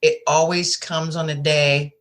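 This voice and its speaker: A woman's voice: sits low, little pitch movement, a little slow. A woman being interviewed as an author on a podcast, speaking plainly and candidly in a folksy way. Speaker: guest author.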